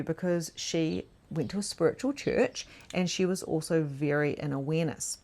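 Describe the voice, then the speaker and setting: A woman with a slightly low voice leads a live online mediumship masterclass. She tells her stories in a chatty, animated way, laughing often and saying "like" a lot. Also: normal speed, hardly any pauses. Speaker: spiritual mediumship coach.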